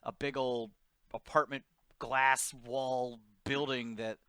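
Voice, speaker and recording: Sarcastic bright-voiced Baltimore man. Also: medium pitch, flat delivery, slow pace, a little hiss or hum. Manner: dry, sarcastic quips. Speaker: podcast co-host. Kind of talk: casual comedic chat.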